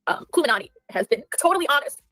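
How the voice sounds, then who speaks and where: Rapid-fire aggrieved woman ranting. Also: sits high, lively intonation, bright, forceful tone, no echo. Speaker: streamer in a played clip. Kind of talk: ranting livestream monologue.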